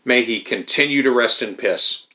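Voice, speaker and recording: A man's voice: medium pitch, moderate pace, sharp tone, a little hiss or hum. A man hosting a podcast, giving dry, mocking, profane commentary. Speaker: podcast host. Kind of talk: sardonic commentary.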